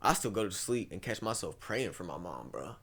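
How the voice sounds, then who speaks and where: Low-voiced young man telling stories. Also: very animated, moderate pace, gravelly, fairly bright tone, breathy edge. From Ohio, USA. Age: 20s. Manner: rambling storytelling, peppered with "bro". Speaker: interview guest, rapper. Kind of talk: casual interview chat.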